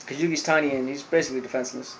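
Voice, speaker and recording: A man casually talking through a recap of a show episode at a mid-range pitch. He rambles, piles on fillers and restarts, and slips into quick paraphrased lines for the characters. A faint hiss sits under his voice. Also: fairly even intonation, poor audio. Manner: rambling, filler-heavy retelling with loose quoted lines. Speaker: anime episode reviewer.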